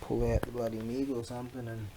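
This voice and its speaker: A man's voice: medium pitch, flat delivery, fast, mellow. A middle-aged man, chatting casually in a vlog and rambling as he loses his train of thought. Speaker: vlogger selling antiques.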